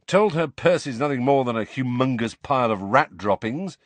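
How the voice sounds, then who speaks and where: A cheeky teenage boy cracks jokes in a lively, playful voice, as a man puts him on. His pitch swings widely from line to line. The recording is dry and close. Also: normal speed, no room sound, close to an everyday voice. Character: joking teenage boy, one of twins.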